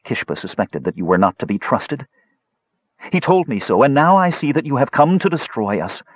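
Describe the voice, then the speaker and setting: A man reading the part of a defiant, frightened young woman in an audiobook, raising his pitch for her, on a dull, dry, lo-fi recording. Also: sing-song, normal speed, husky, dry recording. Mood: indignant.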